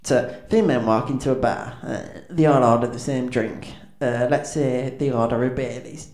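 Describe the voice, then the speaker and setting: A man with a medium-pitched, slightly mellow voice talks at a normal speed. As a band's comedic frontman, he does awkward, self-deprecating stand-up patter, hesitating with lots of ums and restarts. The recording is from an echoey room with faint ambience.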